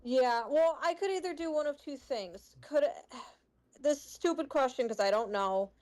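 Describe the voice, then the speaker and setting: Woman, player, slightly high voice, tentative, thinking aloud. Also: measured pace, a little mellow. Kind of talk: tabletop game chat.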